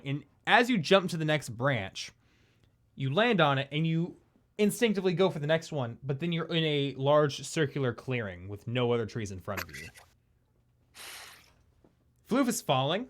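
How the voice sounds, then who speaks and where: A man runs a tabletop game live on a home stream mic. His voice sits a little high, and he narrates in a rambling, improvised way, circling back and correcting himself as he describes the scene. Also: lively intonation, moderate pace. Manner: loose and hesitant, full of fillers and restarts. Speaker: dungeon master.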